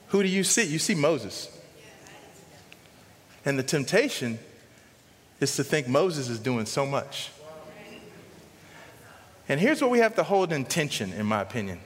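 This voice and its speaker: Man preaching in a church, high voice, long hall reverb, animated. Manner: animated, swings between loud excitement and hushed emphasis. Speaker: pastor. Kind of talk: sermon.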